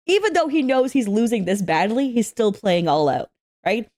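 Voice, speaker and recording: A young woman reacting to an anime, her voice sitting high and leaping around in pitch. She chats casually, swears freely and breaks into shouts at the screen as the action grabs her. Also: lively intonation, normal speed.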